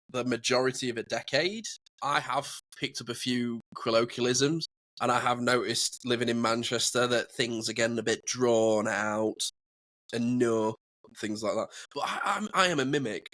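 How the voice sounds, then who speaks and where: A chatty man co-hosting a podcast who likes to mimic other people's voices. His tone is bright and forceful, and his pitch sits in the middle. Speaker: podcast co-host. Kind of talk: casual podcast chat.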